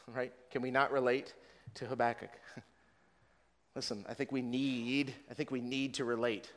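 A man's voice: mid-range voice, level tone, moderate pace. A man preaching a sermon earnestly, with frequent repeated words and rising passion when reading scripture. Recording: long reverb of a large room.

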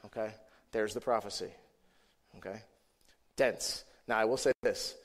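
A man's voice: lowish voice, fairly even intonation, a little slow, pauses often, long reverb tail. A man preaching a sermon in a church, talking conversationally with constant "right?" and "okay?" check-ins, repeating himself and rising into emphatic bursts. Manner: self-correcting, repeats words; emphatic bursts when stressing a point. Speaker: pastor.

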